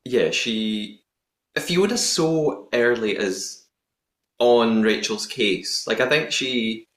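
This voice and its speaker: A man's voice: mid-range voice, slow pace, a bit bright. Chatty male podcast host, echoey room. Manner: chatty, laughs at own attempted accent. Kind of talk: casual recap chat.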